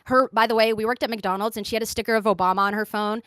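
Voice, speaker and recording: Bright, high-voiced young woman storyteller. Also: very fast, smooth, no room sound. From grew up in Qatar and the American South. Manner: animated storyteller, acting out quoted voices. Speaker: podcast host. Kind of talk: casual storytelling chat.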